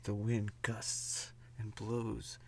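A man improvising a comedic horror story as he goes, giggling often and dropping into a hushed whisper for the spooky parts. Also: on the low side, completely flat delivery, drawn-out words, crowd noise. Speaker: podcast co-host narrating an improvised story.

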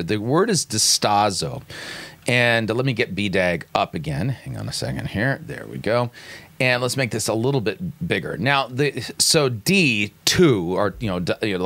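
A low-voiced man talks through a sermon clip point by point. He reads scripture aloud and breaks down words, often restarting his sentences. The sound is close and dry. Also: a bit bright, dry recording. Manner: analytical, explains word by word with frequent restarts. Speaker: commentator critiquing a sermon. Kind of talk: commentary with scripture reading.

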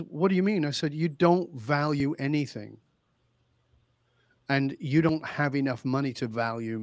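A man who is a leadership consultant, telling client stories on a podcast and acting out the dialogue with lively emphasis. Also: mid-range voice, no echo. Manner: animated, acts out quoted dialogue. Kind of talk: podcast interview storytelling.

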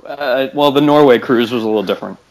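A man's voice: medium pitch, fast talker, background noise. A man co-hosting a podcast, chatting playfully and laughing often. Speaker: podcast co-host and editor. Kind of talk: casual chat on a call.

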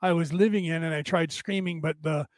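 Man, livestream host, rambling, chuckling, strained tired voice, fairly high pitch. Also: steady tone, a little fast, no echo. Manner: rambling, chuckling, searching for words. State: tiring, strained voice. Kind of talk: casual livestream chat answering viewers.

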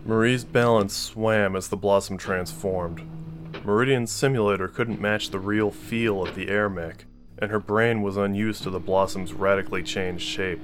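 A man reads a sci-fi audiobook aloud with a steady, measured delivery. His voice sits a little low. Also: slight background noise. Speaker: audiobook narrator. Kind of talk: fiction audiobook narration.

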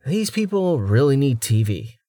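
A man's voice: mid-range voice, very animated, measured pace, dark tone, no echo. A man voicing a wry young adventurer. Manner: wry, dry humor.

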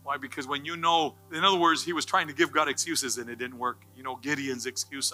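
A male pastor preaching a sermon, joking with the congregation and building to loud, passionate calls. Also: medium pitch, fairly even intonation, brisk, faint music behind, low-quality recording.

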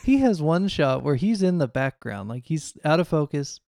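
A man's voice: a little high, very animated, normal speed, gravelly, darkish tone, no echo, clean studio sound. A man co-hosting a casual movie podcast, enthusiastic and jokey as he describes scenes. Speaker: podcast co-host.

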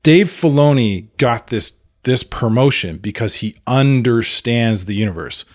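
A man co-hosting a casual movie podcast, talking in an animated way with many restarts. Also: medium pitch, measured pace. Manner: animated, restarts often, acts out quotes. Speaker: podcast co-host. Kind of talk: casual chat.

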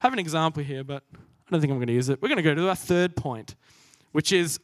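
A man's voice: a little high, animated, fast, dry recording, studio quality. A young man preaching a sermon, earnest and self-deprecating, laughing at himself as he goes.

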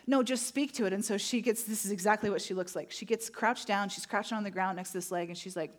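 A woman preaching a sermon, telling stories vividly and slowing down to stress key points. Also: medium pitch. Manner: animated storytelling, acting out moments; slow emphatic phrasing on key points. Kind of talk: sermon with personal storytelling.

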